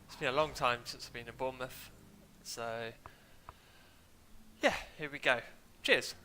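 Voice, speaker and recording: Sniffly man with a bright, droning voice. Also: mid-range voice, a little slow. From England. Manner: rambling, chatty, self-deprecating. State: sniffly with hay fever. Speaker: streamer. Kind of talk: casual gaming stream commentary. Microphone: desk mic, muted now and then.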